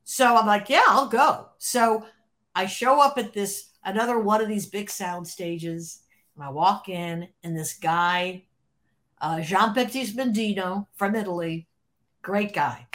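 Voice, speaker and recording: A woman being interviewed, telling an animated story, laughing often and acting out what others said. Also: mid-range voice, a little slow. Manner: animated, acts out quoted voices, laughs often. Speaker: interview guest, former record label creative executive.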